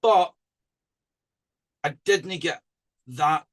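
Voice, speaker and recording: A man's voice: on the high side, drawn-out words. Guy cohosting a podcast, rambly and chatty, keeps restarting. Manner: chatty and rambling, with frequent restarts and lively rising emphasis. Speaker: podcast co-host. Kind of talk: casual chat.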